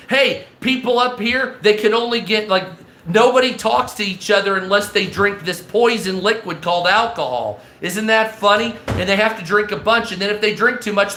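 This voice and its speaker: A man's voice: high voice, pushed and bright, reverberant. A man hosting a livestream, rambling and swearing as he acts out imagined conversations in a casual monologue. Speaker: livestream host.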